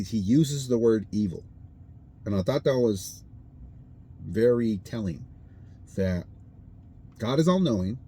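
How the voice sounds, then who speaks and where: A man's voice: fairly low pitch, warm tone, slight background noise. A man talking casually to camera about his faith, explaining things plainly and often checking in with "all right?". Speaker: vlogger.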